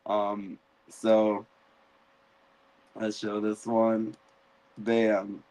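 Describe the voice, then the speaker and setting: A man's voice: on the low side, completely flat delivery, very slow, darkish tone, poor audio. A man hosting a casual live-stream recap, telling the story animatedly and acting out characters' lines. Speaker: podcast host.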